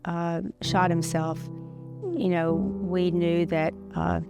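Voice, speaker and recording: A middle-aged woman telling a personal story as an interview guest, halting and often pausing to restart her sentences. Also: fairly low pitch, little pitch movement, creaky, muffled recording. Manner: halting, many pauses and restarts. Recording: music playing underneath.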